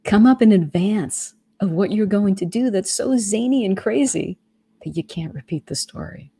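Husky woman with a low, mellow voice. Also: animated, moderate pace, dry recording. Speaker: guest. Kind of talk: casual spiritual conversation.

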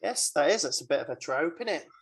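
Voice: medium pitch, expressive, fast, husky. Co-host in casual chat, rambles through plot, mid-range voice. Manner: rambling, mimics film lines. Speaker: podcast co-host. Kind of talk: casual film recap chat.

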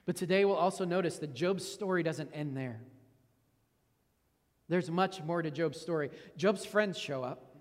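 Brief: male pastor, high pitch, earnest reflective sermon, long hall reverb. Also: unhurried. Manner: earnest, reflective, repeats words when stressing a point.

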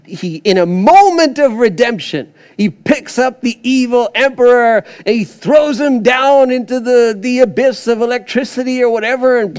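A pastor preaching in a fairly high voice, telling his story in an animated, rambling way. He restarts his sentences often and fills pauses with "you know" and "uh". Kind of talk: sermon.

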